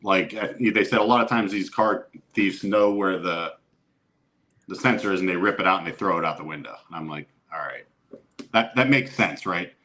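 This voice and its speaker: Profane, lively middle-aged storyteller. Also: male voice, deep voice, moderate pace. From Youngstown area, Ohio, USA. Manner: animated storyteller who swears and acts out quotes. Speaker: podcast guest. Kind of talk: casual podcast chat.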